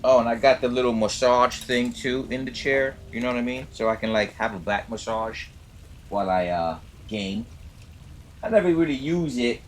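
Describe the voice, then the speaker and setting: A medium-pitched man talking at a moderate pace live-streams a game from his home gaming chair. There's background noise as he chats casually, swears, and teases his viewers in a hyped, profane way.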